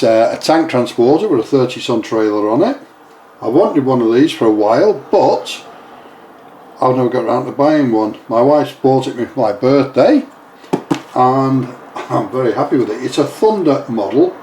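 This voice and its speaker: A man hosting a casual unboxing video of a model kit, chatty, often restarting his sentences and reading box text aloud slowly. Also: medium pitch, animated, a little mellow, a little hiss or hum, low-quality recording. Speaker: scale model hobbyist.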